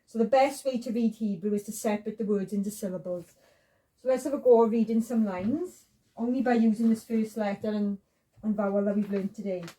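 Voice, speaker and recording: A woman's voice: on the high side, mellow, distant mic, poor audio. A woman teaching a beginner's language lesson, patiently walking through each sound step by step. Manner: patient, repeats sounds and steps. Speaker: Hebrew teacher.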